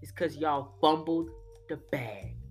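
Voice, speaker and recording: A man's voice: a little high, expressive, slow, faint music behind, voice pushed down. A man voicing an angry, betrayed longtime male fan who scolds and rants in slang. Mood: ominous. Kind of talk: reading an email aloud in character.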